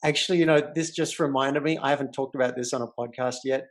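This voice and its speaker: Over a remote call, a life coach appears as the guest in a casual interview and tells a story. He's an animated, vivid storyteller with a mid-range voice and a quick pace.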